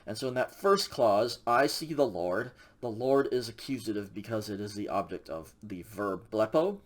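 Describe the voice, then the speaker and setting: A man's voice: fairly low pitch, animated, moderate pace. A man teaching a recorded Greek grammar lecture in a casual way, with many fillers and frequent checks with the class. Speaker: Greek instructor.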